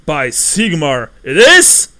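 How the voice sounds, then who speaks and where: A man voicing a loud, hostile, distrustful male innkeeper who shouts accusations. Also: on the high side, huge pitch swings, slow pace, exaggerated voice. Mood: shouting.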